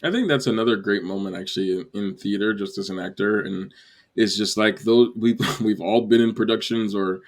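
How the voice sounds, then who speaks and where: A man's voice: on the low side, a little fast. A man hosting a casual theater panel chat, rambling with restarts and laughter. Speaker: podcast host.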